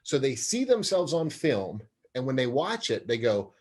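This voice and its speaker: A man in his forties talks as an interview guest, earnest and expansive. He often laughs at his own shortcomings. His pitch and energy sit in an ordinary middle range. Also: big pitch swings, moderate pace, few pauses. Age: 40s. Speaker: sports psychologist and parenting guest. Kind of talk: conversational interview.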